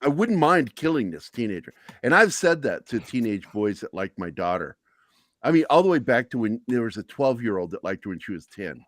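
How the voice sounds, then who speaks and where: Brief: middle-aged man, deadpan storyteller, lively pitch, dry close mic. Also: fairly quick, no room sound. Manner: deadpan storyteller with dark humor. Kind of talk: casual chat.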